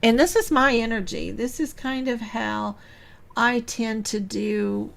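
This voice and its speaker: Woman, spiritual podcast host, very slow pace, gravelly fry, reflective musing talk. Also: a little high. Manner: unhurried, musing, with sighs and soft laughs.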